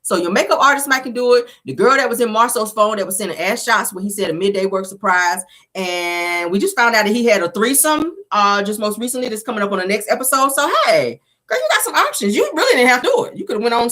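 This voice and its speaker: A sassy woman gives an expressive, fast reality show recap in casual gossip, laughing often and acting out quotes. Her bright, sharp voice has a husky edge, and her pitch swings all over.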